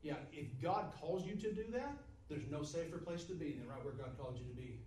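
A man's voice: a little high, animated, a little fast, a little mellow, roomy sound, far from the mic, slight background noise, low-quality recording. A man preaching a sermon, emphatic and repetitive, his voice swelling and dropping. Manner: repetitive, emphatic, rises and drops in volume.

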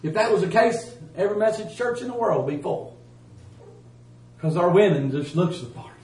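A man preaching a sermon in a folksy, emphatic way, swinging from loud to hushed. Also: high voice, animated, normal speed. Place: church. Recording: roomy church sound from a distance.

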